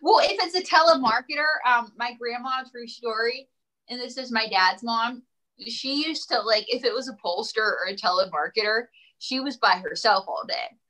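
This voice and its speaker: Woman comedian guest, bright higher voice, animated storyteller with a pitchman streak. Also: moderate pace, poor audio. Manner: animated, self-promoting, jokey storytelling. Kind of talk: casual talk show chat.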